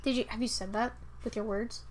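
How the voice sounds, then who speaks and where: A young woman in her twenties co-hosting a casual late-night chat, ranting in a profane, animated way. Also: a little high, fairly quick, background noise. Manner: animated, profane, laughing rants. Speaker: podcast co-host.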